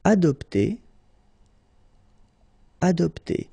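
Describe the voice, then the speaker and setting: A man's voice: fairly high pitch, very animated, gravelly, mellow, husky, dry recording. A man with a French accent teaching a language lesson, patient and explanatory. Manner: patient and explanatory, slow and deliberate.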